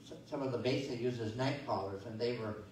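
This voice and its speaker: A man's voice: medium pitch, brisk, darkish tone, a little hiss or hum. A man preaching a sermon as pastor, folksy and conversational, telling stories and reading scripture with many restarts and asides. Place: church sanctuary. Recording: echoey church sanctuary from far off.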